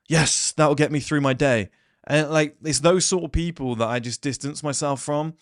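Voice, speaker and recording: A man's voice: fairly high pitch, normal speed, dry recording, clean studio sound. A man giving a blunt, rambling casual monologue to camera, swearing freely. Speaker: self-improvement vlogger.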